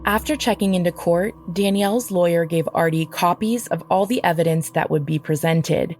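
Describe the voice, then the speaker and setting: A woman with a lower voice narrates a true-crime podcast in a measured, matter-of-fact way. Faint music plays beneath her scripted lines. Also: darkish tone.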